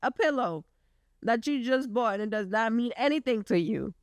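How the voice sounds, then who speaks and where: Teasing teenage girl, smooth voice. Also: on the high side, expressive, moderate pace, dry recording, clean studio sound. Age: late teens. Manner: teasing, giggly. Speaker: podcast co-host. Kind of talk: casual chat.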